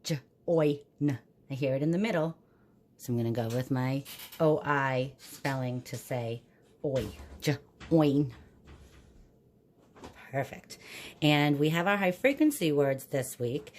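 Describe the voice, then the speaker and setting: A woman teacher giving a recorded phonics lesson to young children, patiently sounding words out slowly. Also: very deep voice, lively intonation.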